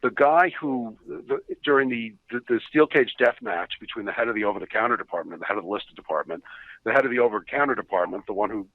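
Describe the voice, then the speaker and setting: A low, husky-voiced man tells animated, profane stories as a podcast guest, his pitch swinging widely. The recording is dull, lo-fi and very dry. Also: no echo. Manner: animated, profane, laughing asides. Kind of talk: casual storytelling.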